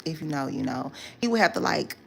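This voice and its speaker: Low gravelly young woman telling a story. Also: sing-song, fairly quick, a little hiss or hum. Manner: chatty, loose slang, many fillers and "right?" asides. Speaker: storytime vlogger. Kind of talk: casual storytelling to viewers.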